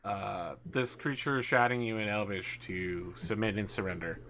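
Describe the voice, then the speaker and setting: A young adult man narrating a tabletop game as game master, slowing down for dramatic moments. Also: on the low side, bright, forceful tone, slight background noise.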